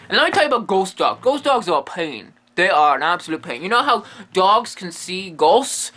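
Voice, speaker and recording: A man hosts a comedic monster explainer with a bright, lively voice that swings up and down in pitch. He rambles playfully from one silly aside to the next. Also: normal speed, few pauses, a little hiss or hum. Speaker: comedic host playing a medium.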